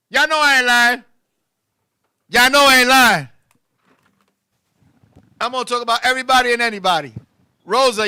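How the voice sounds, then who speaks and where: A high-pitched, very bright man hosting a raunchy comedy show. He talks loud and animated, breaks into shouts, and keeps up a rowdy stand-up rhythm. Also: clean tone. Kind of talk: crude stand-up style comedy banter.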